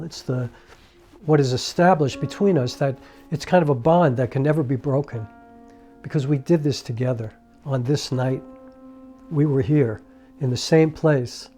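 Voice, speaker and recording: Earnest man telling a personal story. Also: mid-range voice. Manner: earnest and conversational, with many restarts and asides. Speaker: filmmaker and storyteller. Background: soft piano music.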